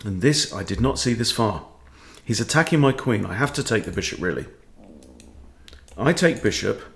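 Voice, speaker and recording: A man's voice: lowish voice, big pitch swings, normal speed, gravelly. A man, a chess coach, commenting on his own game as he plays, thinking aloud and tossing in playful quips.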